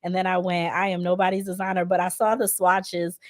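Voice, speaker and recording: A woman's voice: lowish voice, level tone, brisk, no room sound. A woman business owner as a podcast guest, talking in a heartfelt, chatty way with many "right?" tags. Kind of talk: casual interview chat.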